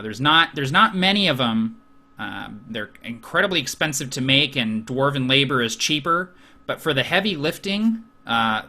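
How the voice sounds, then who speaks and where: Bright-voiced male game master. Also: mid-range voice. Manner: relaxed, many fillers. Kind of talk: narrating a tabletop game.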